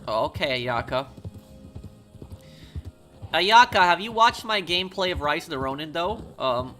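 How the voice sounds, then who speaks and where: An American man streaming casually, rambling with many halting pauses and reading chat comments aloud. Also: a little high, expressive, sharp tone, faint music behind. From United States. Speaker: game streamer.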